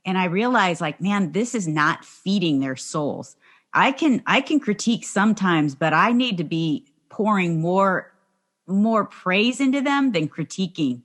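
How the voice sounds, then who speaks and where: Older woman, lowish voice, heartfelt storyteller, does the voices of who she's quoting. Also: lively intonation, measured pace, fairly bright tone. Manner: heartfelt storyteller, acts out quoted dialogue. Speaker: podcast guest. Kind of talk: interview storytelling.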